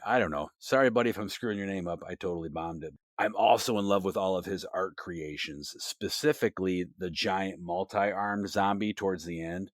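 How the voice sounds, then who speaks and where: A man's voice: low-pitched, dry recording, studio quality. A man co-hosting a casual podcast, talking enthusiastically, swearing freely and rambling through asides. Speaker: podcast co-host.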